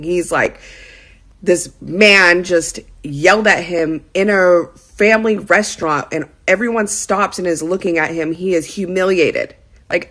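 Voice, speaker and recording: A woman in her thirties tells a story straight to camera in a loose, chatty way. Her voice sits a little low for a woman, and she fills the telling with "like" and small asides. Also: a bit bright. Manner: chatty, heavy use of "like" fillers. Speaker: lifestyle vlogger. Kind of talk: casual storytelling.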